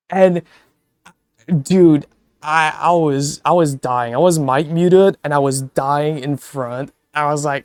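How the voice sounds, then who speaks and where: A man's voice: on the high side, slow pace, darkish tone, smooth, no room sound. A man chatting casually on a stream, telling stories with a lot of swearing and laughter. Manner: profane, laughing storyteller; talks to chat viewers.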